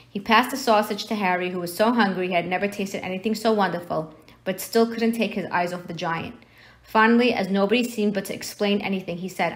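A woman reading a novel aloud, narrating the story in a steady storytelling manner. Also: medium pitch, brisk. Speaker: reader.

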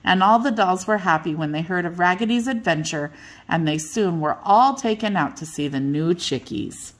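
An older woman reading a bedtime storybook aloud as a storyteller, gentle and unhurried. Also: on the low side.

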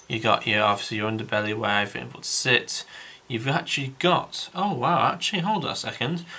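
A man's voice: mid-range voice, pushed and bright. A man giving a casual, rambling review of a model kit, thinking aloud with frequent restarts and calling his viewers guys.

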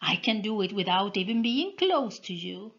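A woman reading a storybook aloud and voicing a cold, commanding young noblewoman with witch powers, slow and haughty in her delivery. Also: medium pitch, very animated, a bit bright, dull audio. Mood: cold, scornful.

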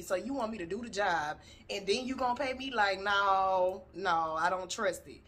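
A woman's voice: mid-range voice, animated, moderate pace, few pauses, a bit bright, breathy edge. A woman hosting a reaction video, talking in a blunt, profane and exasperated way as she comments. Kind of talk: casual commentary.

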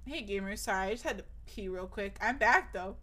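Speaking in a mid-range, slightly bright voice at a fairly quick clip, a young woman chats casually with live viewers. She's nervous and meandering, often starting over, swearing, and her voice keeps cracking.

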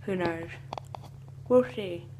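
A woman's voice: on the low side, slow, noisy background. A young woman in her twenties, chatting casually to camera in a rambling travel vlog, with lots of fillers. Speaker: vlogger.

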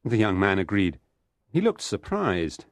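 A man reading a story aloud for English learners, slow, clear and steady. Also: lowish voice, no room sound. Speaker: narrator.

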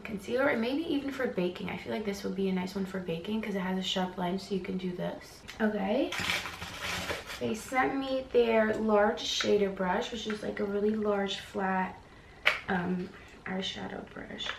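A chatty young woman talks through an unboxing vlog at home, gushing over each item. She sits back from the camera in a roomy, echoey space. Steady household noise runs behind her voice. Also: medium pitch, gravelly, distant mic. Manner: chatty and gushing, lots of "like" and "oh my god". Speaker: beauty vlogger. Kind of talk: casual vlog chat while unboxing.

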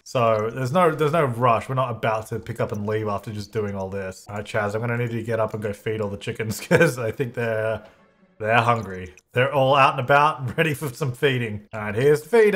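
A man hosting a gaming video, giving upbeat, chatty gameplay commentary and thinking out loud. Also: mid-range voice. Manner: chatty, upbeat, thinks aloud, laughs often.

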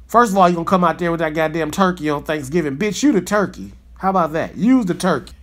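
A man's voice: a little high, lively intonation, fast talker. Fired-up, profane male podcast host. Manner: fired-up, profane ranting with slangy asides. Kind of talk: casual podcast monologue.

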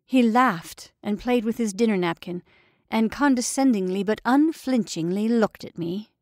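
A woman narrating a classic story with a measured, expressive delivery. Her voice has a steady gravelly fry at mid pitch, recorded close and dry with no room echo.

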